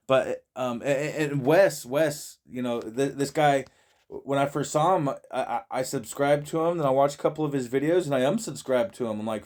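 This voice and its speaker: A man's voice: mid-range voice, brisk, darkish tone. A man talks in a loose, rambling way and trips over his own words, repeating them as he starts again. He swears a lot and keeps breaking into laughter. He is speaking from inside a friend's shed. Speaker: vlogger reacting to a video. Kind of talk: casual profane monologue.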